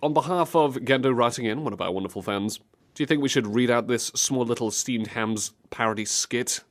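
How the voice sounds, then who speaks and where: A man's voice: medium pitch, brisk, slight background noise. A man co-hosting a casual comedy chat, playful and prone to breaking into silly voices. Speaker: podcast co-host.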